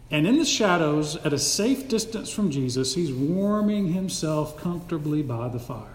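A man preaching an emphatic, animated sermon as a pastor, recorded in a church sanctuary. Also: on the high side, moderate pace, few pauses. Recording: echoey hall with long reverb.

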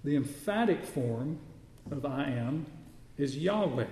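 A man's voice: medium pitch, expressive, slow pace, mellow. Man preaching in an echoey hall. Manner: teaching, asks the listeners questions. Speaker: pastor. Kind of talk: sermon.

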